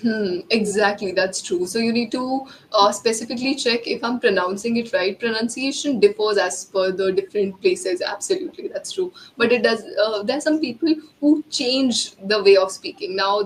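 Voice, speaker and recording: A woman's voice: fairly high pitch, normal speed, few pauses, slight background noise, poor audio. A woman hosting an interview, chatty, often ending points with tag questions. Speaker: host. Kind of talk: casual interview talk.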